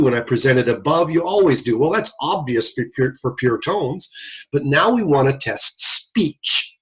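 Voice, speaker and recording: A man with a slightly husky voice teaches in a conversational way, his pitch rising and falling a lot as he stresses points. He loops back over ideas and keeps checking in with "okay?". The audio is dull and lo-fi, like a computer mic. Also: fairly bright tone. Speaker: audiology lecturer. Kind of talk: informal recorded lecture.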